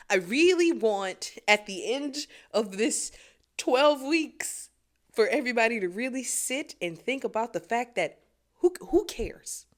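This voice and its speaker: A woman's voice: on the high side, a little slow. A young woman singer talking casually to her viewers, recorded on her phone, laughing often as she reflects. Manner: animated, laughs often, talks to viewers directly. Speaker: singer and vlogger. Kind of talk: casual reflective vlog to camera.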